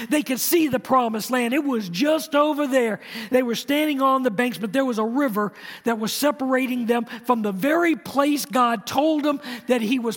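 Male pastor, very high voice, emphatic sermon delivery, long church reverb. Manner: emphatic, leads congregation in call-and-response. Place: church sanctuary.

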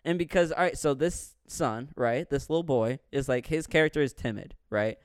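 A man in casual podcast chat, retelling a movie scene by scene and acting out the characters with sudden loud, swearing outbursts. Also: mid-range voice, moderate pace, clear, resonant tone, no echo, clean studio sound. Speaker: podcast co-host reviewing a movie.

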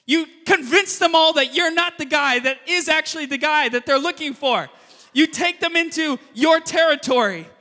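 A man preaching a sermon as pastor, telling the story with sudden loud emphasis and quiet, quick asides. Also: very high voice, in a large hall. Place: church sanctuary.

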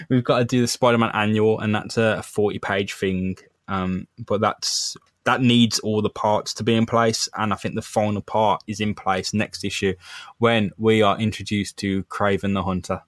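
A young man co-hosting a podcast in casual, excitable chat full of jokes and swearing. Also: lowish voice, unhurried, no room sound, studio quality. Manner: excitable, joking, heavy swearing. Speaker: podcast co-host.

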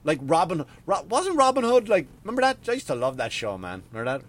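A man's voice: on the high side, quick pace, hardly any pauses. Guy ranting on his podcast, swears a lot, all over the place. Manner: profane, rambling, animated rant. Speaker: podcast host. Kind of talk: casual ranting monologue.

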